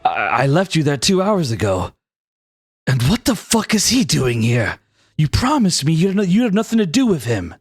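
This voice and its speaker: A man's voice: on the high side, wildly swooping pitch, moderate pace, breathy edge, no room sound, studio quality, heavily acted. A man voicing a shocked, possessive young man who stammers in agitation during a tabletop game. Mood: confused.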